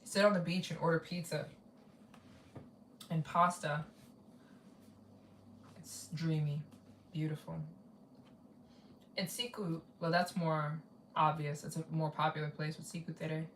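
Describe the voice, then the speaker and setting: Woman, travel vlogger, rambling live-stream host, lowish voice, roomy room sound. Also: fairly even intonation, unhurried, long pauses, far from the mic, a little hiss or hum. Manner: rambling, repeats herself, reads out donations. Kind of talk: casual live-stream chat.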